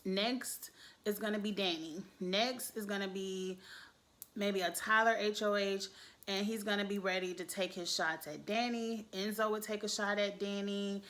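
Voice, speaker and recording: A woman giving blunt, animated commentary on a reality show, swearing and speaking straight to her viewers. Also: mid-range voice, normal speed. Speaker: youtube reality show reviewer. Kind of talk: casual commentary.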